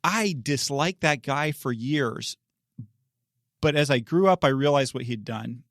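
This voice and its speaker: A man's voice: mid-range voice, expressive, measured pace, a bit bright, dry recording, clean studio sound. A middle-aged man, a pastor, telling a story on a church podcast in a chatty way, laughing often and acting out the people he quotes.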